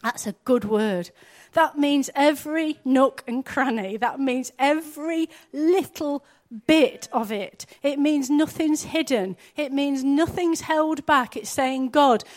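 A woman, preaching a sermon in an earnest, conversational way, often asking her listeners questions. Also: high voice.

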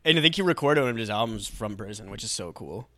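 A young man co-hosting a casual comedic podcast, easygoing and quick to laugh along. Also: fairly low pitch, lively intonation, bright, forceful tone, no echo, clean studio sound. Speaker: podcast co-host.

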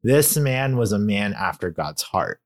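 A young man in a candid conversation about faith, talking in a halting, heartfelt way with many fillers and growing emotional. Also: lowish voice, very animated. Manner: grows emotional while talking. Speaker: guest.

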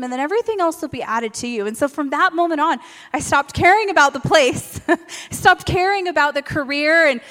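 A woman's voice: high voice, a bit bright. A woman preaching a sermon, telling a personal story in an earnest, emphatic way and repeating her key phrases. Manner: acts out quoted voices in storytelling. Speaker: preacher and realtor.

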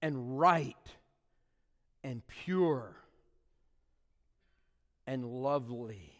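A middle-aged man preaching a sermon, swinging between loud declarations and quiet asides. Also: fairly high pitch. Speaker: pastor. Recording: long reverb of a large hall.

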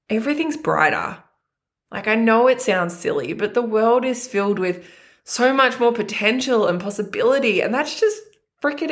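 A woman's voice: medium pitch, a bit bright. A young adult woman coaching on food and body image, talking earnestly and emotionally straight to her viewers in a personal monologue.

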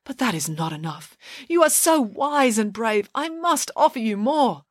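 A woman playing a squeaky, dim-witted grown man. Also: sing-song, unhurried, dry recording, clean studio sound. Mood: grateful.

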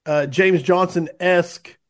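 A man's voice: high voice, steady tone, slow pace. A man hosting a podcast, reading guest introductions and sponsor plugs in an upbeat, gushing way with small fillers. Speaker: podcast host. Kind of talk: show intro and sponsor reads.

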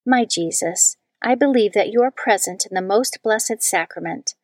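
Woman reader, solemn liturgical reading, mid pitch, dead-dry studio sound. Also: normal speed, a little mellow, no echo. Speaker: scripture reader.

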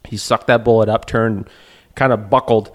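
Animated low-voiced man telling a story. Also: normal speed. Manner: animated storyteller, acting out the moment. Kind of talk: casual storytelling.

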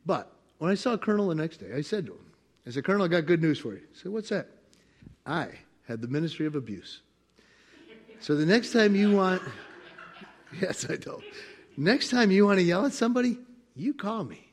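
A middle-aged man preaching a sermon full of personal stories, dropping to quiet asides and rising to loud, driven preaching as he acts out the voices in them. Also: fairly high pitch, very animated, normal speed, pauses often. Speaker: pastor.

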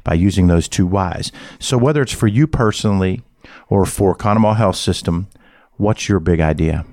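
A man hosting a marketing interview podcast, explaining ideas in an energetic way. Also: fairly low pitch, moderate pace, dry recording, clean studio sound. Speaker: podcast host.

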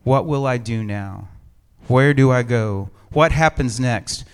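Male pastor, middle-aged, smooth resonant voice, measured reflective sermon, gentle humor. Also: medium pitch. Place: empty church sanctuary.

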